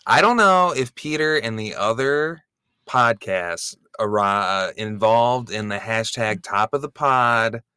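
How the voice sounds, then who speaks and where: A man's voice: fairly low pitch, expressive, bright, forceful tone, clean tone, no room sound, clean studio sound. A man co-hosting a podcast, casually bantering and teasing in a wry, argumentative way. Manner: wry, quick to argue and tease. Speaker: podcast co-host.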